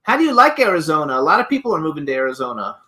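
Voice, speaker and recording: Eager male host with a high, bright, forceful voice. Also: sing-song, rapid-fire. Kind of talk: casual interview chat.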